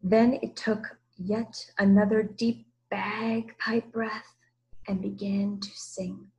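A woman from Massachusetts, a teacher, reading a children's book aloud in a measured storytelling way. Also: mid-range voice, level tone, vocal fry, a little mellow, poor audio. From Massachusetts, USA. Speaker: teacher, guest reader.

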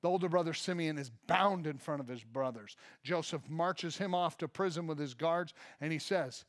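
An American pastor with a notably high voice preaches to his congregation. He reads scripture aloud, then turns to the room with playful, plain-spoken asides. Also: moderate pace, hardly any pauses. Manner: reads scripture aloud and acts out reactions with humor; addresses the congregation directly. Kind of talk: sermon. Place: church before a congregation.

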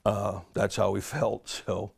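Gravelly older-sounding guy telling what he saw, slow n careful, lowish voice. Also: flat delivery, a little mellow, a little hiss or hum. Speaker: former first responder. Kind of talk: recounted testimony in an interview clip.

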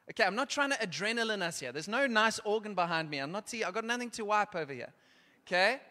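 A man preaching a sermon and leading an altar call, urgent and exhorting, at times dropping to a hushed, prayerful tone. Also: high voice. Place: church hall. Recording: long church hall reverb.

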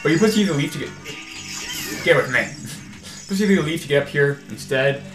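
A man's voice: fairly high pitch, lively intonation, normal speed, fairly bright tone. A man hosting a video game playthrough in casual commentary, rambling and easily exasperated. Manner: rambling and easily exasperated, says "freaking" often. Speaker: let's play host. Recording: echoey room with faint game music.

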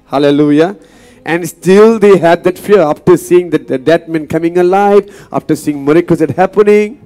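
A male pastor preaches in a fairly high voice. He is earnest and repetitive, often turning to the congregation with questions. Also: moderate pace, dark tone, soft background music. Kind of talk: sermon.

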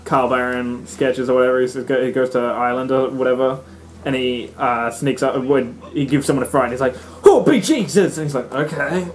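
A young man giving animated, swear-filled let's-play commentary, often squealing and shouting at the game. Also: medium pitch, brisk. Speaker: gaming let's-play host.

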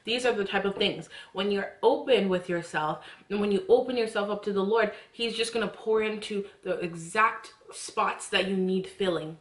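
A woman's voice: mid-range voice, brisk, hardly any pauses. A young woman talking earnestly and casually about faith, often restarting and rising into heartfelt prayers. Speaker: faith vlogger. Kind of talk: casual faith talk to camera. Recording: echoey room.

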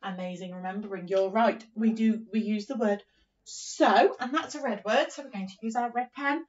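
A woman teaching young children a phonics lesson, speaking in a slow, encouraging, sing-song way and sounding out words. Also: mid-range voice. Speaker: primary teacher. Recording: dull, slightly distant recording.

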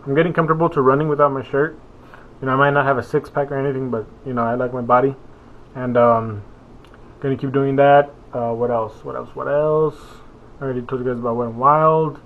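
A man's voice: mid-range voice, steady tone, a little fast. A young man vlogging in a casual, meandering way, full of fillers and self-corrections. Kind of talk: rambling casual vlog. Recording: phone-like narrow sound.

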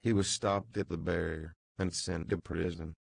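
A man's voice: sits low, fairly even intonation, moderate pace, gravelly, dry recording. A man voicing a distraught young woman in an audiobook reading, breathless and imploring.

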